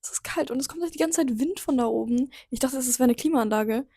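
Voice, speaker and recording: A woman's voice: sits high, quick pace, husky, no echo, studio quality. A young woman from Germany vlogging casually from a cold hostel room, complaining and using slang. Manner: complaining, relaxed, uses slang. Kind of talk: casual vlog talk to camera.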